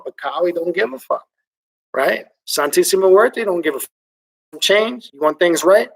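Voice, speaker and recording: Guy ranting on a livestream, swearing a lot, gets animated, voice kinda high and a little far from the mic. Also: a little slow, vocal fry. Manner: excitable, animated and profane. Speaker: occult channel host reading viewer comments. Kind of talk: livestream commentary rant.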